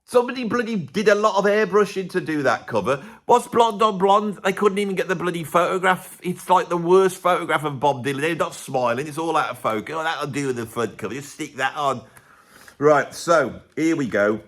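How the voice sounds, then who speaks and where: Animated man ranting to camera. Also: on the high side, a little fast. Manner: animated, sarcastic, swings between loud and muttered asides. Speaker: music vlogger. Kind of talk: casual opinionated rant to camera.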